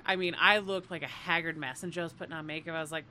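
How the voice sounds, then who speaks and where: A woman's voice: low-pitched, fairly even intonation, fast talker, bright, forceful tone, a little hiss or hum. A woman co-hosting a podcast, telling a travel story in casual chat, laughing often and swearing freely. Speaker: podcast co-host.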